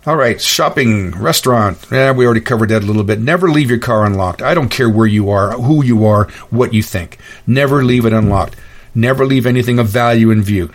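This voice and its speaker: Blunt, gruff male podcast host. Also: medium pitch, a little fast. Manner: blunt, opinionated storytelling. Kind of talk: casual monologue.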